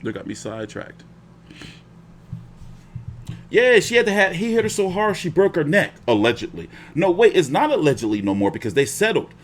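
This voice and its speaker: A man's voice: high-pitched, fast talker, hardly any pauses. A young man hosting a boxing live stream, telling stories in casual, profane slang. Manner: profane, animated storytelling with slang.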